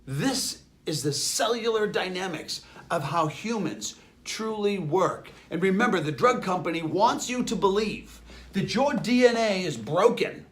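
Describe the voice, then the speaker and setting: A man's voice: high voice, animated, a little slow. A man with a Boston accent giving an emphatic health lecture, firing off rhetorical questions. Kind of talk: lecture to an audience.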